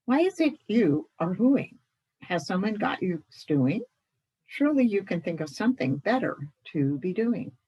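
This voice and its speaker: A woman's voice: fairly low pitch, very animated, a little slow, breathy edge, highs cut off, heavily acted. A woman voicing a saucy, bouncy patchwork doll girl with a teasing manner.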